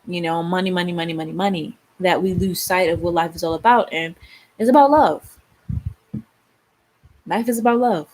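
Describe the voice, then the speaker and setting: A woman vlogger chatting casually to her viewers, musing and rambling, calling them y'all. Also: on the low side. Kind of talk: casual chat.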